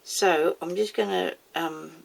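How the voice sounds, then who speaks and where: Gravelly low-voiced woman chatting while crafting. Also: fairly even intonation, slow. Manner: chatty, talks herself through tasks. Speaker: crafter demonstrating mould making. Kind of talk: casual how-to video.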